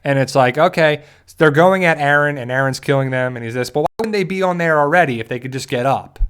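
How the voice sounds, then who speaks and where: A man's voice: fairly high pitch, fast, fairly bright tone, clean tone. Rambling man hosting a casual livestream. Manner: rambling, conversational, many restarts and asides. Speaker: host of a TV fan channel. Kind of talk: casual live-stream episode review.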